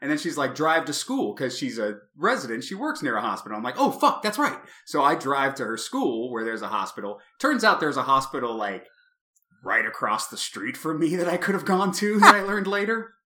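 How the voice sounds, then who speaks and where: A man in his thirties tells a story in casual chat, swearing freely and leaping into shouts as he replays the scene. His voice is bright and forceful, with a middling pitch. The sound is roomy and echoey. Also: brisk. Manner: animated, profane, swings to shouting in retold moments. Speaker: podcast co-host.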